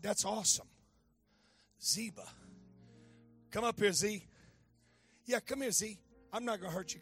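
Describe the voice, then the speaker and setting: Preacher, man in his fifties, high voice, storytelling sermon that swells loud, soft music underneath. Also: slightly rough. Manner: speaks to a child beside him, repeats phrases, swells to shouting.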